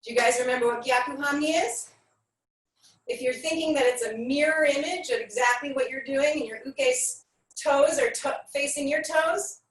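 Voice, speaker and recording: A woman's voice: high voice, fairly bright tone, echoey room, far from the mic, poor audio. A woman teaching an online aikido class for kids, counting aloud in Japanese and giving encouraging instructions while out of breath.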